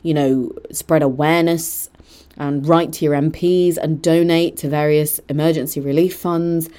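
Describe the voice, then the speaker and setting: A woman's voice: low voice, fairly even intonation, moderate pace, mellow, clear, resonant tone. A young woman hosting her own podcast, talking chattily on her own with gushing asides and self-mocking jokes. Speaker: podcast host. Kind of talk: solo podcast monologue.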